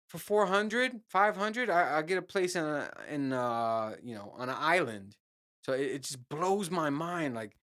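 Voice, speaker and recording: A man's voice: fairly high pitch, a bit bright. A middle-aged man from New Jersey, talking in a rambling, profane, self-mocking way as host of a casual solo show. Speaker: podcast host.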